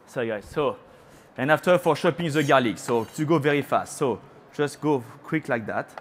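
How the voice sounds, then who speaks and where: French-accented chef, chatty live demo. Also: male voice, medium pitch, fast talker, slight background noise. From France. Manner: chatty, teasing the audience, sprinkles French phrases. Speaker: chef giving a cooking demo. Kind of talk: live cooking demonstration. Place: trade show cooking stage.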